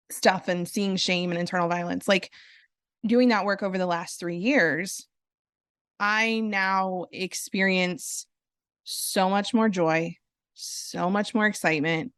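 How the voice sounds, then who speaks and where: Earnest animated woman podcast host. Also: mid-range voice, dry recording, clean studio sound. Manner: animated, earnest, explains with quick asides. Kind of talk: casual podcast conversation.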